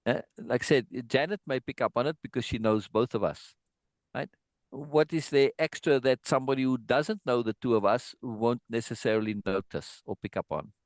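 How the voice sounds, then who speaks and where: A man's voice: mid-range voice, moderate pace, no echo. A man giving an informal online songwriting lesson, thinking aloud and checking in with his students with a frequent "right?". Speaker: songwriting teacher.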